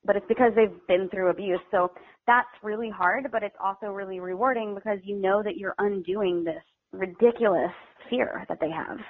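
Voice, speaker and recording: A woman calls in over a thin, tinny phone line that sounds close and dry, with no room around her. She talks in a loose, heartfelt, chatty way, and her speech is full of filler words. Her voice sits at an ordinary middle pitch. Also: normal speed, no room sound. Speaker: foster parent guest. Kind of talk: casual interview over the phone.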